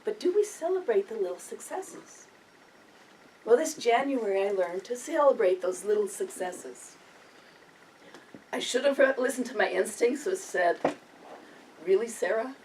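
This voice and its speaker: A woman's voice: on the high side, expressive, moderate pace, darkish tone, slight background noise. An older woman giving a humorous storytelling speech, often chuckling through her own anecdotes. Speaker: public speaker. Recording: distant mic with faint room ambience.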